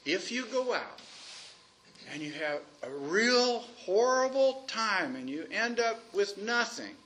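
Male preacher, high-pitched, talks to the congregation like a conversation and draws out key lines slowly. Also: very animated, a bit bright, a little hiss or hum. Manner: conversational, asks the congregation questions; stretches out key phrases slowly for emphasis. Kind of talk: sermon.

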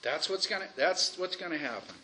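Male preacher, high-pitched, talks to the congregation like a conversation and draws out key lines slowly. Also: animated, sharp tone, slight background noise. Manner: conversational, asks the congregation questions; stretches out key phrases slowly for emphasis. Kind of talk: sermon.

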